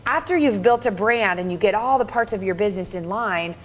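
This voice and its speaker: A woman's voice: medium pitch, a little fast. A woman in her thirties presenting a live business workshop, bubbly and encouraging, laughing often. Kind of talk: upbeat live workshop talk.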